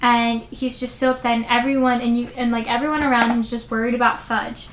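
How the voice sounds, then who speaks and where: A young adult woman casually reviewing a book in a chatty vlog, animated and full of "like" fillers. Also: a little high, fairly quick, a little hiss or hum. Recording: roomy echo.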